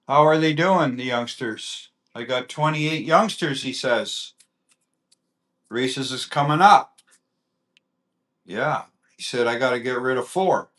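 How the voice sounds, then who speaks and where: A man in a casual chat, telling stories in a rambling way with halting restarts. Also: fairly high pitch, fairly bright tone.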